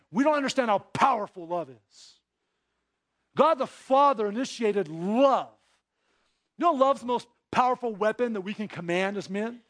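A man gives a sermon as pastor, his voice dropping to hushed, low asides before climbing into emphatic exhortation. Along the way he asks the congregation rhetorical questions.

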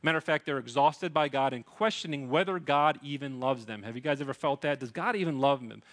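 A man's voice: medium pitch, a little fast, a bit bright. A man in his thirties preaching a sermon as pastor, earnest and pleading, with frequent restarts.

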